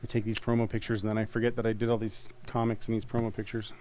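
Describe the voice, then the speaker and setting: A man's voice: fairly low pitch, completely flat delivery, fast, a little mellow, a little hiss or hum. A young man hosting a live comic book sale stream, chatting casually and joking a lot. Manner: jokey, rambling, laughs often. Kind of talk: casual sales chat.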